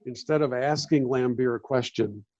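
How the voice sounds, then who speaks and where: Fifties ex-reporter guest, warm voice on dull, dry lo-fi audio, tells stories and acts out quotes. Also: male voice, mid-range voice, moderate pace, no room sound. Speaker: podcast guest, former sports beat reporter. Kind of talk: casual storytelling chat.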